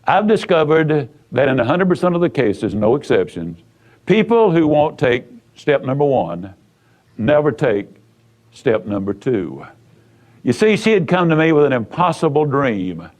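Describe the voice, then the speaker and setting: A man's voice: medium pitch, very animated, measured pace, a little mellow. Man, motivational speaker, from the United States, folksy storytelling, emphatic. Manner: emphatic and folksy, with repetitions and acted-out dialogue.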